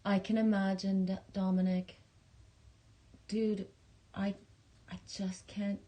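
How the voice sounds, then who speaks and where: A woman chats on her livestream in a level, narrow-pitched voice that barely rises or falls. She rambles and restarts her sentences, swears now and then, and speaks affectionately to her viewers. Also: little pitch movement, slow, warm tone. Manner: affectionate, talking straight to viewers. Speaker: livestream host. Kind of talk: casual livestream chat reading viewer messages.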